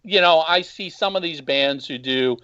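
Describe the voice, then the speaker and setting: A man's voice: a little high, moderate pace, pushed and bright, dull audio. A man calling in to a casual interview, talking bluntly and emphatically about music fans. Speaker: podcast host and former band marketer. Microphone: phone call.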